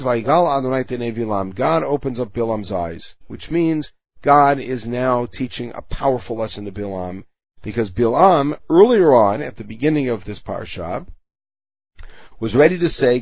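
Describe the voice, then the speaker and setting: Guy teaching torah, gravelly husky voice, reads hebrew verse then explains it, dull lo-fi recording. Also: medium pitch, no echo. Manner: translates Hebrew verses line by line, explaining with everyday examples.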